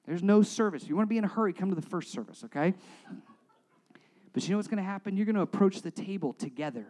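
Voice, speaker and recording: A man preaching as a pastor, guiding a congregation through communion, talking directly to them and swinging from loud urging to hushed prayer. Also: high voice, expressive, fast talker, poor audio. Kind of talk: sermon leading communion.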